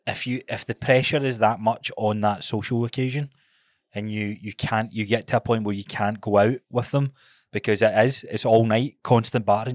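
A man's voice: fairly low pitch, steady tone, moderate pace, dry recording. Blunt, sweary Scottish man. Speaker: podcast co-host. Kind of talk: casual podcast chat.

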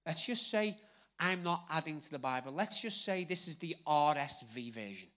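A man with a Liverpool accent preaching a live sermon on a handheld microphone, conversational and swinging between loud emphasis and hushed asides. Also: fairly high pitch, expressive, moderate pace. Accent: Liverpool (Scouse). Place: church hall with congregation.

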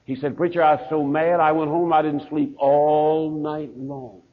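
A pastor with a Southern US accent, telling a story in a sermon and acting out the voices of the people in it, heard on a dull lo-fi recording. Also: male voice, a little high, flat delivery, a little slow. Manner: folksy preacher, acts out quoted voices.

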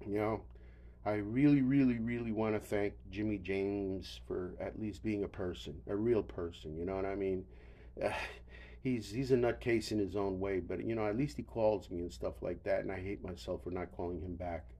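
A man's voice: fairly low pitch, steady tone, normal speed, warm tone. An older man hosting a solo podcast, rambling wearily with profanity and stammered restarts, tired and yawning. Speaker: podcast host.

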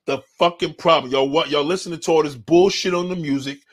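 A man's voice: a little high, steady tone, fairly quick, husky. A man hosting a show, reading viewer comments and answering them in a blunt, confrontational rant full of swearing. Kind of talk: profane ranting commentary.

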